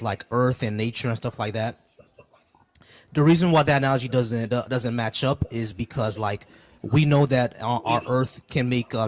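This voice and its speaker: A man hosting a live call-in debate stream, chatting casually with many fillers and restarts. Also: mid-range voice.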